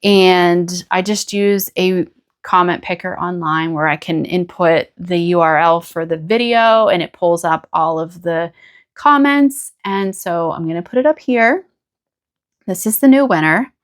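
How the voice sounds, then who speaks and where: A woman's voice: fairly low pitch, a little slow. A woman from the United States chatting casually as the host of a knitting podcast, gushing and rambling with small restarts. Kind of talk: casual chat to camera.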